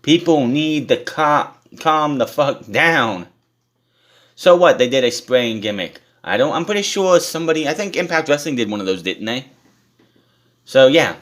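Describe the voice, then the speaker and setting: A man's voice: mid-range voice, animated, normal speed, fairly bright tone. Profane, blunt young man ranting. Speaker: wrestling show reviewer. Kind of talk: casual rant review.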